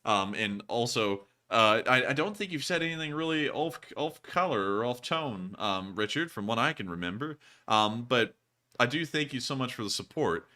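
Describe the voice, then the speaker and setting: A man's voice: mid-range voice, animated, moderate pace, pushed and bright. A man hosting a casual livestream, thanking donors in a rambling, chatty way and laughing often. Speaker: livestream host. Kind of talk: casual livestream chat reading donations.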